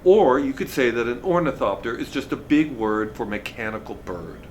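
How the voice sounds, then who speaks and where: A man's voice: medium pitch, lively intonation, moderate pace, darkish tone, slight background noise, lightly acted. A man voicing a tiny, brainy, bossy boy who talks with precise, lecturing diction while reading a storybook aloud.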